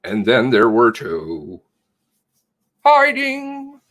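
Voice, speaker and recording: A man's voice: on the low side, sing-song, moderate pace, gravelly, fairly bright tone. A man giving rambling, profane commentary while reading through material, muttering to himself and then flaring up. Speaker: independent online investigator.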